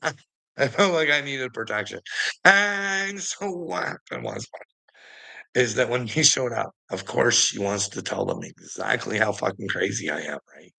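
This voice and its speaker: A man's voice: on the low side, sing-song, a little slow, creaky, pushed and bright. A man telling a rambling story to a friend in casual chat, swearing a lot and laughing often mid-sentence. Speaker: vlogger.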